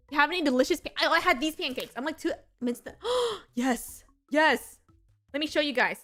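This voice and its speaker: A high-pitched young woman rambles through a casual streaming chat, bubbly and excitable, with "like" in nearly every sentence. Faint music plays quietly behind her. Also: moderate pace. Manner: excitable, rambling, heavy use of "like". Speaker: VTuber streamer.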